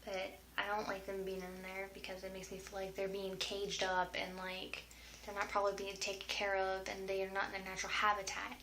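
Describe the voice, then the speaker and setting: A woman's voice: medium pitch, monotone, brisk, sharp tone, slight background noise. Chatty rambling woman in an echoey room. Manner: rambling, chatty, drifts into whispers at times. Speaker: vlogger answering viewer questions. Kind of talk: casual Q&A vlog. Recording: roomy echo.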